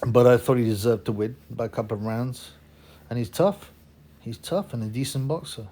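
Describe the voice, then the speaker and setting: A man's voice: medium pitch, normal speed, warm tone, slight background noise. A man, hosting his own boxing channel in a rambling, opinionated casual monologue full of fillers and restarts.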